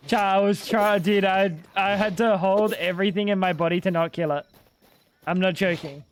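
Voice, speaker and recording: A man's voice: high-pitched, fairly even intonation, normal speed, a little hiss or hum. A young man streaming a game at home on a desk microphone, rambling and joking to his chat with plenty of swearing. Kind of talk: casual gaming stream commentary.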